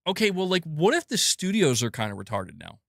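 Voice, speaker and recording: A man's voice: fairly high pitch, wildly swooping pitch, brisk, creaky, fairly bright tone, no echo, clean studio sound. Profane rambling gaming podcast man. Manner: profane, rambling, laughs often, mocking voices. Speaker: gaming news host. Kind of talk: casual opinion rant.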